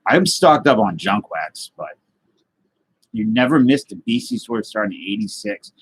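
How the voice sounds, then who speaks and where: A man's voice: fairly low pitch, sing-song, moderate pace, breathy edge, no echo, poor audio. A man hosting a casual live stream, rambling loosely and greeting viewers by name as he reads their comments. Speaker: livestream host.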